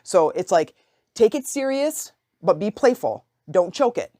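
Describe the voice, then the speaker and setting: A woman's voice: medium pitch, big pitch swings, measured pace, dark tone, no room sound, studio quality. A woman hosting her own podcast, coaching listeners in a casual, playful way and acting out quoted inner voices. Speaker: podcast host and life coach. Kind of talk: casual solo podcast teaching. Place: home office.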